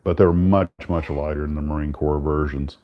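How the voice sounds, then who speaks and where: A man hosting a casual chat, talking in a relaxed, rambling way with many restarts. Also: extremely low pitch, brisk, lo-fi sound. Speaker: host.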